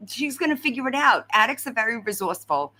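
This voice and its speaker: Lively, bright-voiced woman chatting on a livestream. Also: on the high side, quick pace. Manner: animated, talks to chat, frequent "right?". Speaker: livestream host. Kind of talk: casual livestream chat.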